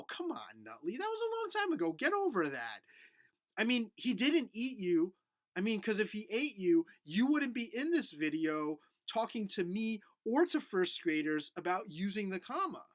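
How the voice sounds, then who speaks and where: A man teaching a video lesson to first graders in a gentle, patient, coaxing way. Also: high voice, no echo. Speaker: elementary school teacher.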